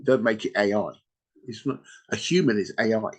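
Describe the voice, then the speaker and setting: A man hosting a podcast, retelling a story in casual chat, animated and peppered with "you know" and "right?". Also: fairly low pitch, moderate pace. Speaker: podcast host.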